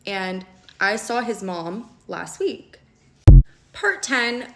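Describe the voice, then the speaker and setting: A young woman telling a personal story in a vlog, emphatic and fast, often stopping to check in with "okay?". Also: on the high side, pushed and bright. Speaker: storytime vlogger. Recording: echoey room.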